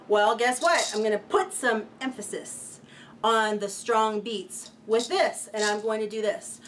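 A woman's voice: a little high, unhurried, slight background noise. A woman teaching a children's music lesson, playful and cheerful, chanting rhymes for young listeners.

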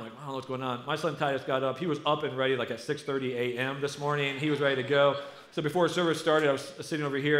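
A middle-aged American man, lead pastor of his church, preaching a conversational, animated sermon. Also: mid-range voice, a little hiss or hum. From United States. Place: church sanctuary. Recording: echoey church hall.

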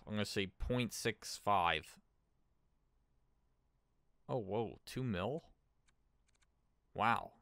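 Guy streaming a game, lowish smooth voice, dry sound, thinking out loud and chatting w viewers. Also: drawn-out words, long pauses, dry recording. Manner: thinks aloud, chats with viewers. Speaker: gaming streamer. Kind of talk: casual gameplay commentary.

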